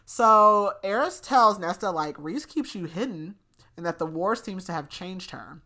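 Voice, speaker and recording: A woman's voice: medium pitch, animated, measured pace, sharp tone. A young woman co-hosting a podcast, recapping a fantasy novel in casual chat, full of "like" fillers and laughter. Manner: chatty, filler-heavy with frequent "like", laughs often. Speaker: podcast co-host.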